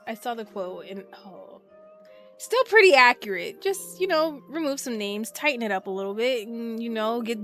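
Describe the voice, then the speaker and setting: Woman streamer, voice a bit high, joking, casual, swears, faint game music underneath. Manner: joking, playful, swears freely, quiet asides and loud bursts. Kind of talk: casual live-stream chat while playing.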